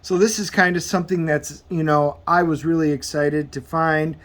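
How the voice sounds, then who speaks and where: A man giving a casual comic book review as he flips through the pages, rambling and halting with plenty of filler words. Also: fairly high pitch, steady tone, fairly bright tone. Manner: rambling, halting, full of um and you know.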